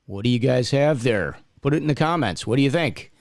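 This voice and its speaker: Gravelly guy cohosting a live stream, chatty, keeps plugging the channel, dry mic. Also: medium pitch, expressive, brisk, dry recording. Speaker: co-host of a referee talk stream. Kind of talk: casual live-stream chat.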